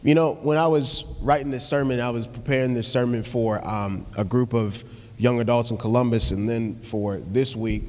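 A young adult man preaches a live sermon in a large church hall, reading scripture and praying in a rhythmic cadence that builds into emphatic hollering. His voice is medium-pitched and a little mellow, at a moderate pace. The recording carries the hall's long reverb, with music playing behind him.

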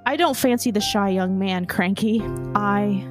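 A woman's voice: medium pitch, measured pace, music in the background, close to an everyday voice. A woman voicing a timid young male steam engine who pleads and gasps fearfully in a read-aloud story. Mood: nervous.

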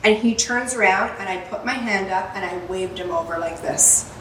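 Animated woman telling a story. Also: mid-range voice, normal speed, far from the mic, slight background noise. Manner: animated, swearing, laughing storyteller. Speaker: podcast host, salon owner. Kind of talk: casual storytelling chat. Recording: roomy, off-mic with faint ambience.

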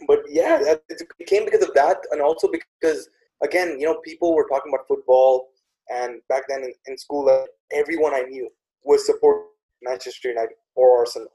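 A man hosting a casual chat, telling stories in an animated way and acting out what others said. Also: mid-range voice, a little fast, low-quality recording. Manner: animated storytelling with acted-out quotes.

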